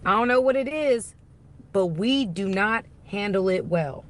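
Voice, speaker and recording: A woman's voice: medium pitch, expressive, unhurried. A woman talking casually to camera, chatty and explanatory.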